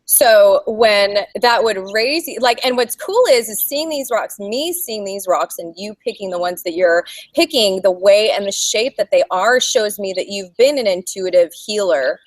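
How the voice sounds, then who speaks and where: A woman guest, chatty and rambling, laughs often as she talks. Her voice is mid-pitched and dry, with no room echo. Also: moderate pace, hardly any pauses. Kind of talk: casual spiritual talk.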